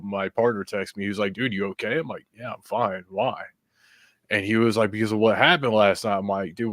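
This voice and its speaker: A man as a podcast guest, telling paranormal stories in casual chat with frequent fillers and quick laughs. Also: on the low side, no echo, clean studio sound. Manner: animated storyteller, quick laughs, many fillers.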